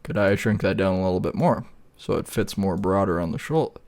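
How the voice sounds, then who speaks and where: A male YouTuber with a low-pitched, darkish voice talks fairly quickly through a screen-recorded tutorial. His casual delivery rambles, with frequent laughter and the occasional swear word.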